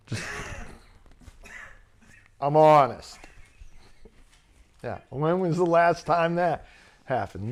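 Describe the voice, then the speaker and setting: A man's voice: a little high, expressive, extremely slow, long pauses. A man, a minister and coach hosting his channel, telling stories in a rambling, filler-heavy way and laughing often. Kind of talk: casual storytelling talk.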